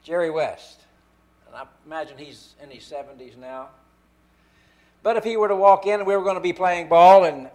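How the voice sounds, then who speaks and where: Preacher with a fairly high voice. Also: male voice, a little mellow. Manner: emphatic, slow stresses on key words. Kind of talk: sermon.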